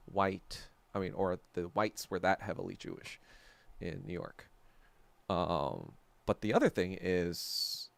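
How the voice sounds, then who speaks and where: With a fairly low, gravelly, somewhat bright voice and no echo, a podcast host rants solo on a livestream while answering viewers. He's blunt and profane, leans on filler words, and jumps abruptly between topics.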